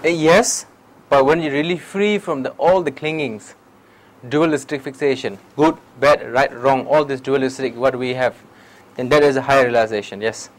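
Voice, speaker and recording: A man's voice: mid-range voice, normal speed, low-quality recording. Tibetan-accented man teaching meditation. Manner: broken English, lively storytelling, frequent "okay?". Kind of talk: public dharma talk with questions. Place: lecture hall.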